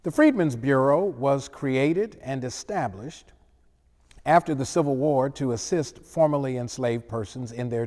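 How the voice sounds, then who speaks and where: A man hosting a short scripted commentary segment, reading in a measured, formal way. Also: medium pitch, darkish tone, in a large hall. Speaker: radio commentary host.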